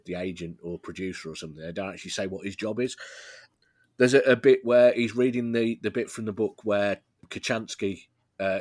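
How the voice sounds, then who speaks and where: A man's voice: fairly low pitch, a little mellow, no echo, clean studio sound. A man talking as a podcast guest in a rambling, casual way, with plenty of fillers. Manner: rambling, fond of filler words, laughs easily.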